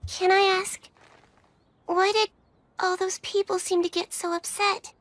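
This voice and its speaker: A woman's voice: extremely high pitch, flat delivery, a little slow, a bit bright, dry recording. A woman voicing a polite, earnest young witch girl in an anime dub.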